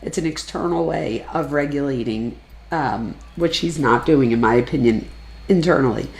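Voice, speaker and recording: A woman's voice: very deep voice, normal speed, a little mellow, soft background music. A woman giving casual, analytical true crime commentary, chatting freely and lifting her voice when she quotes people.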